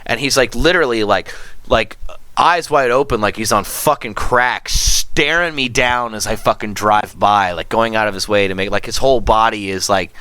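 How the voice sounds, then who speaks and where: A man's voice: on the low side, moderate pace, clear, resonant tone, dry recording. A man hosting a podcast, telling a story in casual chat, swearing a lot and acting out what people said. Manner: profane, animated storytelling, acting out quotes. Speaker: podcast host.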